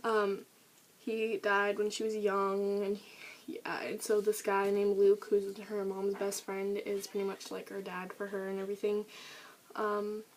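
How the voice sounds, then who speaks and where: With a mid-range, monotone voice and a slightly slow pace, a teenage girl gushes about books she loves in a chatty review vlog full of fillers. The camera-mic recording is low-quality, with some hiss or hum.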